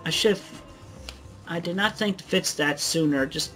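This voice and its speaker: A woman's voice: on the low side, a little slow, fairly bright tone, soft background music. A woman giving casual, rambling commentary over her own old video, with offhand sighing asides.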